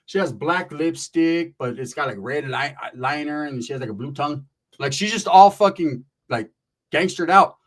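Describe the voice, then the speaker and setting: A man's voice: on the high side, normal speed. A man from Northern California telling a wild personal story in casual, profane street slang sprinkled with Spanish words, acting out the people in it. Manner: animated, acts out the people in his story.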